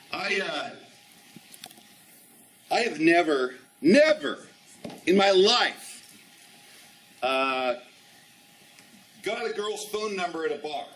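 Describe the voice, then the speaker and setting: A man's voice: high-pitched, a bit bright, recorded from a distance, a little hiss or hum, low-quality recording. A man in his fifties giving a training talk, telling a story animatedly and acting out the dialogue. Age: 50s. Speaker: ski instructor trainer. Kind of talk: storytelling presentation.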